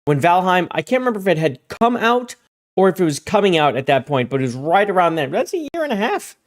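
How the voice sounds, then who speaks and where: Man hosting a gaming livestream; loose rambling delivery with sudden bright jumps when calling out chat names. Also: lively intonation, fast. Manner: jumps high and loud when greeting chat; rambling, repeats words. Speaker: livestream host. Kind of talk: casual stream chat.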